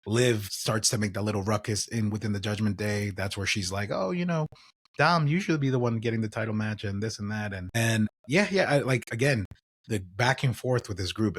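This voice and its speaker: A young man co-hosting a podcast, recapping wrestling in a relaxed, casual way with lots of fillers. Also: lowish voice. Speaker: podcast co-host.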